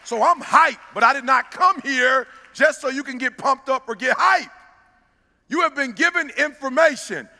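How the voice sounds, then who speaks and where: A man with a very high, sharp voice delivers a preacher-style motivational speech, hammering his points home. He shouts some lines and stretches others into a sing-song cadence. His voice rings out with the long reverb of a big hall. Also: normal speed, some chatter behind. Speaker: motivational speaker.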